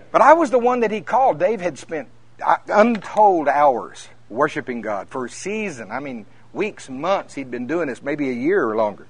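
A minister preaching at a conference, telling folksy stories that climb to emphatic peaks. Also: male voice, fairly high pitch, sing-song, measured pace, breathy edge. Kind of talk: conference sermon.

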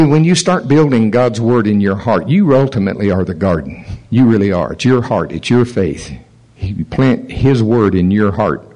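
This male pastor, heard through poor audio, has a mid-range voice and tells stories during his sermon in an animated way, chuckling at his own tales.

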